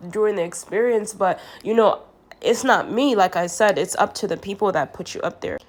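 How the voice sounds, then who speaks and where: A woman's voice: mid-range voice, normal speed. A woman talking straight to camera in an earnest, rambling monologue, sounding congested and often restarting her sentences. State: congested from sinus trouble.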